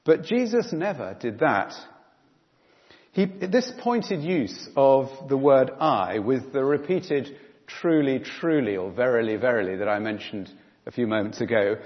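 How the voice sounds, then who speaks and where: A man preaching a sermon in church, emphatic and animated, with frequent fillers. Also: mid-range voice. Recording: dull sound in a reverberant hall.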